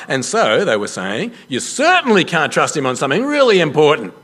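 A man preaching a sermon as a pastor, telling a story with lively self-deprecating humour. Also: a little high, brisk, hardly any pauses, slightly rough.

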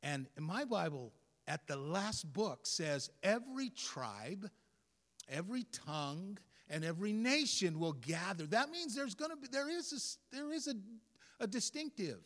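A man preaching a sermon as a pastor, talking in a conversational, animated way with asides to the congregation. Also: high voice, unhurried. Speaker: guest pastor. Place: church sanctuary. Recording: long reverb of a church hall.

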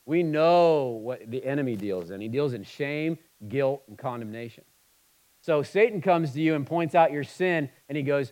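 Preaching man, swinging from loud to hushed. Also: medium pitch, lively intonation, moderate pace, low-quality recording. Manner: shifts between emphatic and quiet, somber delivery. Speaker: pastor. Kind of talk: sermon.

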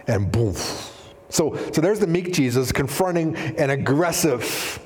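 A man preaching a sermon in a casual, animated way, often acting out quotes. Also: mid-range voice, normal speed. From Canada. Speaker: pastor. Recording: reverberant hall.

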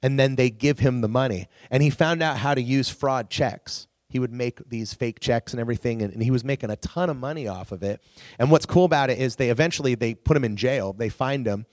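This man preaches to a youth group at a brisk pace in a medium-pitched voice, acting out quotes as he tells animated stories. It's studio quality, with no room sound at all.

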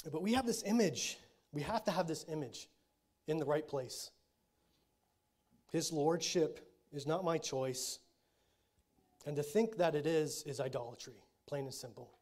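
Man, pastor, sermon, fairly high voice, conversational, keeps checking in with the crowd, quiet then emphatic. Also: measured pace, long pauses. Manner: conversational preaching with frequent check-ins to the congregation; swings between quiet, low statements and loud, emphatic declarations.

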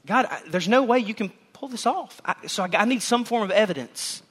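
Anxious old priest begging for a sign, a preacher acting him out, high bright voice, churchy echo. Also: male voice, animated, fairly quick, breathy edge, full character voice. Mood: pleading. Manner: incredulous, pleading. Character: doubting old male priest, anxious and fretful. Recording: long hall reverb in a church.

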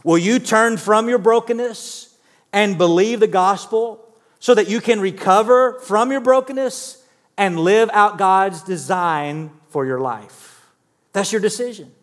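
High-voiced pastor in a reverberant hall. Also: male voice, a little slow. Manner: conversational preaching with rhetorical questions to the congregation. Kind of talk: sermon. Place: church sanctuary.

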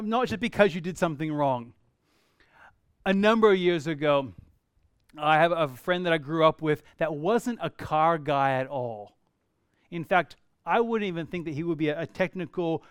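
A middle-aged man preaching a sermon as a pastor, lively and acting out quoted voices. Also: high-pitched, smooth, no room sound, clean studio sound. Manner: animated, acts out quoted voices.

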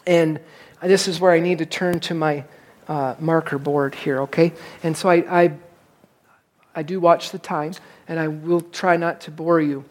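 A middle-aged male pastor preaching in church, telling a personal story in an animated, self-mocking way and acting out his frustration. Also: fairly high pitch, a little slow.

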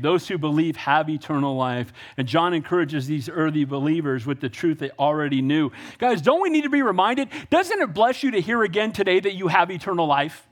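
A man preaching a sermon in a notably high voice, swinging between quiet asides and bright, climbing emphasis. He tells stories, asks pointed questions and calls for amens. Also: animated, a little fast, hardly any pauses. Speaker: pastor.

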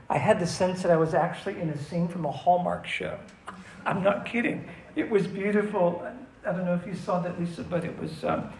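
A man's voice: high-pitched, darkish tone, slight background noise. A man preaching a sermon in a conversational, storytelling manner that turns into earnest prayer. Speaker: pastor. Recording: echoey room, faint ambience.

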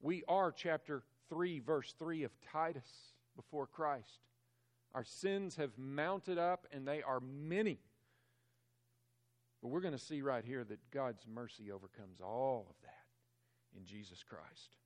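A male pastor delivering a Sunday sermon in a mid-range voice. He preaches with emphasis, pushing louder on the key words and sinking to a hush elsewhere. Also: takes it slowly. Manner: emphatic preaching, swelling louder on key phrases and dropping low on others.

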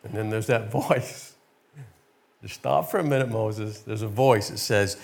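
Slow, earnest male preacher. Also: fairly low pitch, creaky. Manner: slow, heartfelt preaching with frequent repeats. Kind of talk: sermon.

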